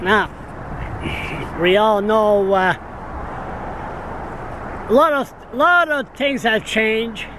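A man's voice: high-pitched, extremely slow, long pauses. A man in his sixties ranting to a camera on a stand outdoors, agitated and rambling, repeating himself, with wind and traffic around him. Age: 60s. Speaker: vlogger. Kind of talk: casual rant to camera. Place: outdoors in windy town street with traffic. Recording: outdoor street noise and wind.

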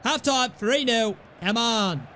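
A young man with a very high-pitched voice calls his football game as he plays. He chatters in quick low asides, then bursts into loud excited yells when the play heats up. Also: a little hiss or hum. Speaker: gaming YouTuber. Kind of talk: live gameplay commentary.

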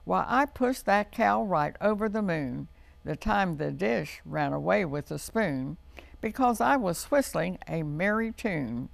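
A playful, boastful male March wind from a children's storybook, chanting his rhymes in a lilting sing-song, as a woman storyteller puts him on. The voice is low and a little gravelly, and it climbs and falls widely. The delivery is slow and unhurried. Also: animated, no echo, full character voice.

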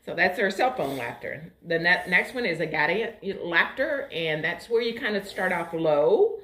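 A woman explaining laughter yoga exercises in a plain, unhurried, casual way, as an instructor. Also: lowish voice, animated, fairly bright tone. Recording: echoey room.

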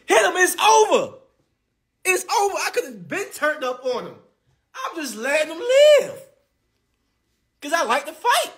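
A man's voice: very high-pitched, fairly bright tone. A young man trash-talking rivals on a phone live stream, brash and taunting, often laughing and repeating himself. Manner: brash, taunting, repetitive, laughs mid-sentence. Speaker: boxer on a social media live stream.

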